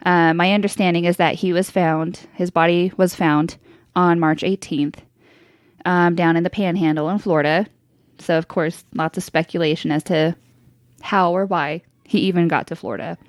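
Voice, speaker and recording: A woman's voice: lowish voice, fairly even intonation, normal speed, no echo. A woman in her thirties co-hosting a podcast, telling a story in casual chat, candid and swearing freely with frequent laughs. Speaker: podcast co-host.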